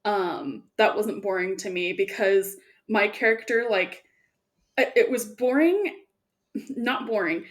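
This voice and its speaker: A woman co-hosting a casual chat, telling animated gameplay stories and laughing often. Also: mid-range voice, takes it slowly. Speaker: podcast co-host.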